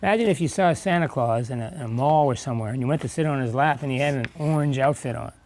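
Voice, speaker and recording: A man's voice: mid-range voice, fast, darkish tone. An older man reading a picture book aloud to a class of young children, stopping to ask questions and explain along the way. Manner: chatty, stops to ask and explain. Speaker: guest reader in a classroom. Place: elementary school classroom.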